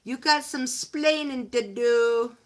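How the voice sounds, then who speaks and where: A woman's voice: sits high, fairly even intonation, takes it slowly, pitched above the performer's own voice. Woman doing a mock-stern sitcom husband scolding.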